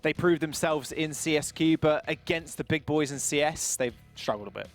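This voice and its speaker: Measured esports analyst, faint music. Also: male voice, fairly high pitch. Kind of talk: casual analysis chat on a live esports stream.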